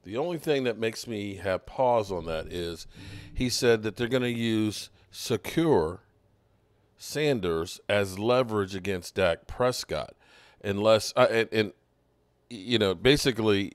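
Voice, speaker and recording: A man with a fairly low voice hosts a sports show in casual commentary. He works through his points aloud, restarting as he goes. The sound is close and dry, with little room around it. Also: unhurried, no room sound. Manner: conversational, thinking aloud with restarts. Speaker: sports podcast host.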